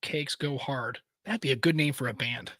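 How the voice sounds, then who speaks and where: American guy on a podcast, cursing and joking around, bright voice, dead dry sound. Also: medium pitch, normal speed, no echo. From United States. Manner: loose, joking, swears freely. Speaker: podcast co-host. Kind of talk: casual chat.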